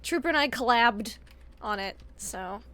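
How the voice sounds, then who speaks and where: Brief: bubbly woman host, a bit high, playful tabletop chat. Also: lively intonation, a little slow, sharp tone. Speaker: host and player. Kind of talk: casual chat.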